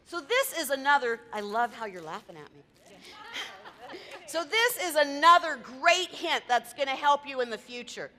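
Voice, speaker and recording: Female speaker, high and bright, chatty talk to a meeting crowd, hall reverb. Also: very animated, measured pace. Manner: chatty, quizzes the audience, tells anecdotes. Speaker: event planner giving a talk. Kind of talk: lively presentation to a live audience. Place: meeting room with audience.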